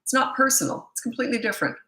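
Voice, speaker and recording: A woman's voice: fairly high pitch, animated, racing, pushed and bright, echoey room. A middle-aged woman parenting coach reading viewer questions and answering them in a blunt, opinionated, casual way.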